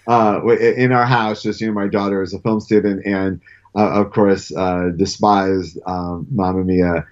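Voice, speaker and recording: A man's voice: low-pitched, flat delivery, measured pace. A middle-aged man telling stories in a casual podcast chat, rambling with fillers and restarts. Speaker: guest comic book writer. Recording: dull lo-fi sound.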